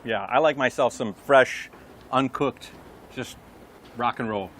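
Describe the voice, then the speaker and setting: A man's voice: mid-range voice, unhurried, a bit bright, a little hiss or hum. A man co-hosting a live outdoor segment, jokey and laughing often in casual chat. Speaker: co-host. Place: outdoors at an oyster farm.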